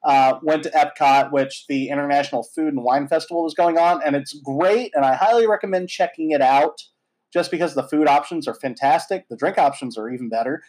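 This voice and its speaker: A man in his thirties hosting a casual chat, telling a story in a lively, animated way with lots of fillers and some swearing. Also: fairly high pitch, brisk, poor audio. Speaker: podcast host.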